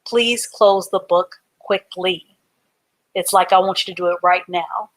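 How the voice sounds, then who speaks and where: Slow, patient woman teaching reading. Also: lowish voice, fairly even intonation. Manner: slow, patient, spells words out letter by letter. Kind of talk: live online literacy lesson.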